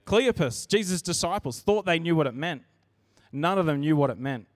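An earnest man preaching a sermon in a church, his voice sitting a bit high for a man. He talks in a conversational way and restarts his sentences as he goes. The recording is dry and close, with little room sound. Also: animated, moderate pace, dry recording.

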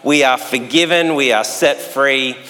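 A man, preaching a sermon in a relaxed, joking way with long pauses. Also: mid-range voice. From Australia. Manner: conversational and jokey, with long pauses. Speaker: pastor. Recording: echoey hall sound.

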